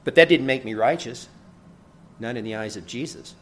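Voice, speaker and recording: A pastor delivering a sermon in a conversational teaching manner. He often asks "right?", rises loud for emphasis and then drops soft. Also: medium pitch, moderate pace.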